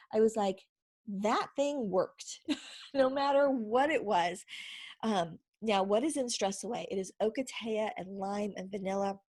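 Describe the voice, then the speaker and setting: A woman's voice: mid-range voice, darkish tone. Chatty woman teaching casually. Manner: chatty, conversational, with frequent "like" and checks with listeners. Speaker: essential oils presenter; homeschooling mother. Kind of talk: casual teaching talk to camera.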